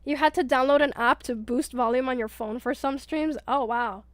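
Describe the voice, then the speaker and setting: A young woman chatting casually on a live stream as a VTuber, reading her chat aloud, giggling often and getting loud when excited, with casual swearing. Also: high voice, normal speed, no room sound. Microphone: headset mic with headphones.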